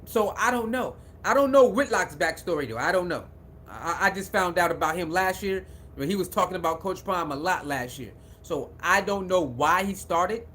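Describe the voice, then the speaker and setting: A man's voice: sits high, expressive, moderate pace, bright, forceful tone, a little hiss or hum. Man riffing on a sports live stream. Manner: repetitive, talks back to chat viewers. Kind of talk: casual live-stream commentary.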